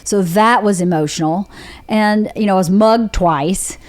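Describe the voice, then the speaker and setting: A woman's voice: medium pitch, a little slow, a little mellow. A woman from Georgia with a Southern accent, hosting a podcast and telling her own story in a candid, rambling way, with restarts. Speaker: podcast host. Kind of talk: casual chat.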